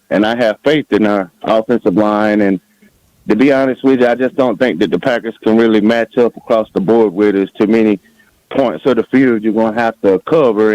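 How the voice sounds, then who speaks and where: Deep-voiced, firm male caller. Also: dry recording, poor audio. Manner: firm, steady conviction. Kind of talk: radio call-in.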